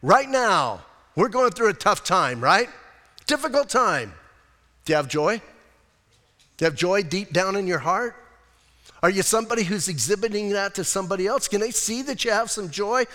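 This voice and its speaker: A middle-aged pastor with a fairly high voice preaches a conversational, storytelling sermon. He pokes fun at himself as he talks. His voice rings with the long reverb of a church hall. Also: animated, normal speed, sharp tone. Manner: conversational storytelling with self-deprecating humor.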